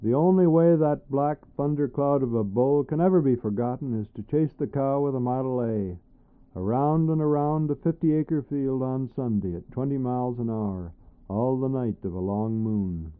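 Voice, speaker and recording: A man's voice: moderate pace, smooth. Guy reading his poems, dramatic ups and downs, tinny phone-like sound. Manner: dramatic, swinging between loud high bursts and low murmurs. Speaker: poet. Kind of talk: poetry reading. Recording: tinny narrow-band recording.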